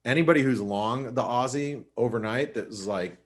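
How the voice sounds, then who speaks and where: A man's voice: mid-range voice, normal speed. A man hosting a live webinar, talking viewers through charts in a casual, chatty way, with frequent restarts and fillers. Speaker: host and market analyst.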